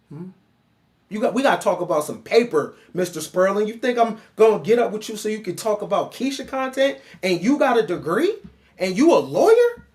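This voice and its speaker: High-voiced man lecturing mockingly. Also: a little mellow. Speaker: online commentator. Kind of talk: reaction commentary monologue.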